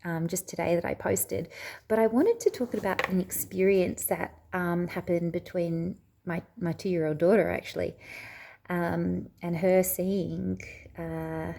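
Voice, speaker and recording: A woman with a lowish, gravelly, dark voice talks unhurriedly and in a steady tone, with a little hiss or hum in the recording. Hosting her spiritual video channel, she tells a personal story to camera that rambles off track, full of hesitations and restarts.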